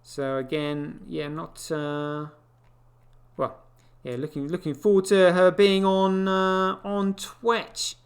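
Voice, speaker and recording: A man's voice: high-pitched, little pitch movement, slow pace. A man hosting a live online show, rambling through casual news commentary with lots of fillers and wry asides. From United Kingdom.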